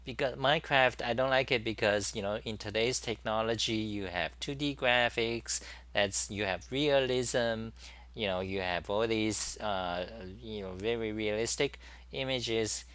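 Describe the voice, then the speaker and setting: A man's voice: fairly low pitch, a little slow, fairly bright tone, clear, resonant tone, no room sound. A man hosting his own talk show in a casual, rambling monologue, full of fillers and restarts.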